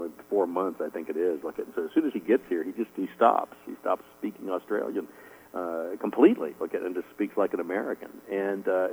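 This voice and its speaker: A man's voice: sits low, darkish tone, husky, rough recording. A middle-aged man being interviewed as an author, rambling with lots of fillers and chuckling often. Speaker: author guest. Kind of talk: casual radio interview answers.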